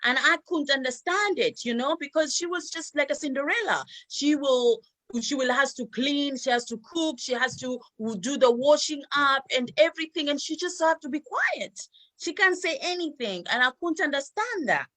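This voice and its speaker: A middle-aged woman from East Africa, a guest empowerment coach, telling her life story in an animated, emotional way. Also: sits high, moderate pace, no room sound, rough recording. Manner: animated and emotional, with quoted voices. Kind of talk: personal storytelling in an interview.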